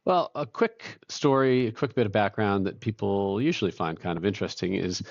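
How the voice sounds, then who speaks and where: Deep-voiced man, dry muffled sound. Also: brisk, vocal fry, no echo. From Boston, USA. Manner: relaxed storytelling, occasional self-laughs. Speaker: guest, company co-founder and CEO. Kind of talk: conversational interview.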